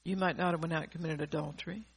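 A woman's voice: low voice, fairly even intonation, racing, husky. An older woman preaching an earnest sermon, often repeating and restarting her phrases.

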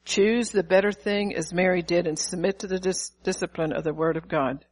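An older woman pastor preaching a sermon, lively, asking the congregation questions and acting out quotes. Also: on the low side, moderate pace, poor audio.

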